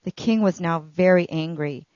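A woman reading a children's story aloud in an expressive storytelling manner. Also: lowish voice, normal speed, dry recording, muffled recording.

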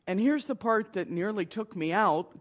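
A man's voice: high voice, expressive, normal speed. A man, a minister, telling a personal story to an audience with heartfelt emphasis and short punchy phrases.

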